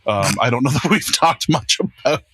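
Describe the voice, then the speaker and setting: A man's voice: mid-range voice, expressive, normal speed, fairly bright tone, breathy edge. A man hosting a casual podcast, self-deprecating and rambling with restarts. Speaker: podcast host and producer. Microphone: podcast microphone.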